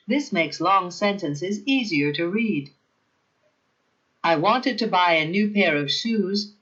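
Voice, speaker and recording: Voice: medium pitch, a bit bright, dull audio. A narrator giving a scripted grammar lesson in a careful, evenly paced teaching manner.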